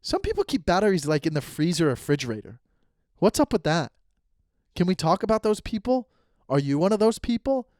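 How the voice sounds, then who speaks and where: A man's voice: sits high, a little fast, dry recording, studio quality. A man in his thirties hosting a solo comedy podcast, ranting in a rambling, profane way and acting out quoted conversations. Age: 30s. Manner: animated, profane, rambling rants with quoted dialogue. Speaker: podcast host.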